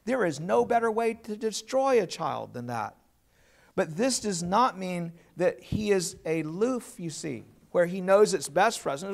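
A man's voice: high voice, big pitch swings, a little slow, vocal fry. A man preaching a sermon as pastor, earnest and plain, putting questions to his congregation.

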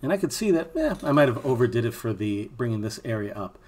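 A man's voice: mid-range voice, very animated, quick pace, a little mellow. A man teaching animation in a screen-recorded tutorial, thinking aloud as he works, with casual asides to his students. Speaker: animation instructor.

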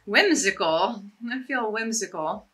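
A woman's voice: mid-range voice, expressive, a little slow, pushed and bright, slightly rough, soft background music. A woman chatting casually and enthusiastically as she demonstrates ways to tie scarves, with a self-deprecating humor. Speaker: fashion vlogger.

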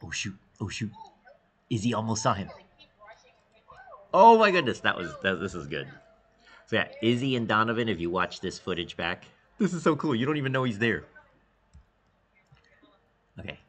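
Lively low-voiced man calling a game. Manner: excitable, thinking aloud, quick exclamations; sometimes drops to a hush. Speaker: esports coach. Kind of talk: live commentary on a game practice.

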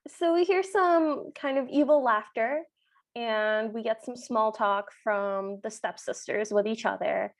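Woman cohost, sarcastic, kinda exasperated, higher voice. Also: unhurried. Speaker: podcast co-host. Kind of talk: casual chat recapping a film.

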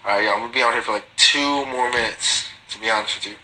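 Fast-talking and sharp-toned, with a mid-range voice, a reality TV personality of Guatemalan descent reads viewer comments on a casual phone livestream and answers in slang, swearing freely. The low-quality recording has slight background noise.

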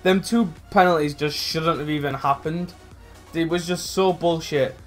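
A young man, a gaming YouTuber, commentates on his own football video game match at a moderate pace, with faint music behind him. He's sweary and excitable, swinging between low mutters and loud outbursts.

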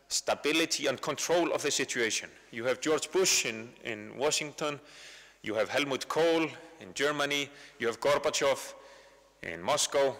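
Icelandic man lecturing, bright forceful tone, long reverb of a big hall, conversational and repeats himself. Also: on the high side. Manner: conversational, repeats words while finding phrasing. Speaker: guest lecturer. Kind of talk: public university lecture. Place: large university lecture hall.

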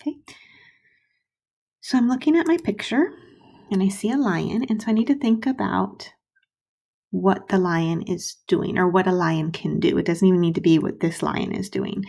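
Husky, patient first grade teacher woman. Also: medium pitch, a little mellow. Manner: slow, patient modeling, sounding out syllables. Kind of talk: recorded writing lesson for young children.

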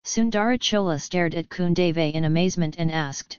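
A woman narrating an audiobook in an even, steady reading style. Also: fairly low pitch, normal speed, clear, resonant tone, no echo. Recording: slightly dull lo-fi audio.

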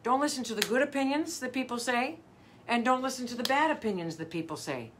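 A woman's voice: a little high, expressive, quick pace, fairly bright tone, a little hiss or hum. A middle-aged woman vocal coach giving a live motivational talk, earnest and emphatic, repeating her key phrases.

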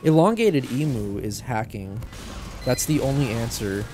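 A man's voice: mid-range voice, expressive, a little slow, mellow, slight background noise. Rambling, joking man over game gunfire. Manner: rambling, self-deprecating and joking. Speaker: YouTuber. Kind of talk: casual gameplay commentary.

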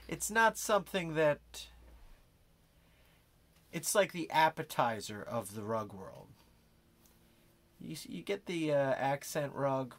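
Slow, lively-voiced comic rug-expert man. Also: a little high. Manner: savoring, breathy hushed asides; over-earnest self-proclaimed expert. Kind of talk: deadpan comedy monologue.

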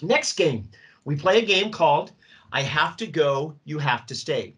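Middle-aged male drama teacher, lively workshop delivery, slightly raised pitch, swings up and down a lot. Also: a little slow, low-quality recording. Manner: animated, acts out student voices.

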